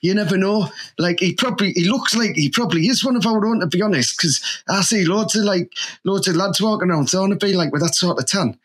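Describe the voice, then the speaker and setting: A man's voice: sits high, lively intonation, fast, fairly bright tone, slightly rough. A man with a Teesside accent, bragging in crude comedic banter over a video call and leaning on "you know what I mean". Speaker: comic co-host in character.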